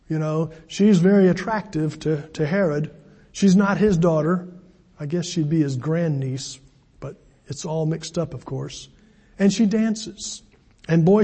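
A man's voice: high-pitched, dark tone, breathy edge. A man preaching a sermon in a conversational way, with wry asides to the congregation. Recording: long hall reverb.

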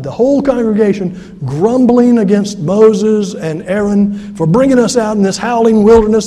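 Male pastor, high mellow voice, storytelling sermon, long church reverb. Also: breathy edge. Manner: storytelling, acts out quoted voices. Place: church sanctuary.

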